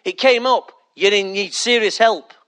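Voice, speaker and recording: A man's voice: high voice, normal speed, a bit bright. A man preaching a sermon as pastor, emphatic and joking as he speaks straight to the congregation.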